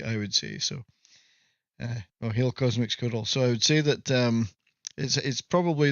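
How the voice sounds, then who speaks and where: A man's voice: mid-range voice, dry recording. Rambling Scottish man chatting on a livestream. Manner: rambling, self-mocking joker. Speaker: livestream host. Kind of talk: casual livestream chat. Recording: slightly muffled, dry audio.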